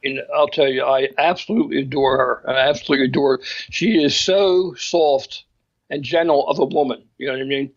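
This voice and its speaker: A man's voice: medium pitch, steady tone, a little fast, muffled recording. A man co-hosting a casual chat, talking emphatically and opinionatedly in bursts, with frequent restarts. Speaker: magazine co-host discussing photographers.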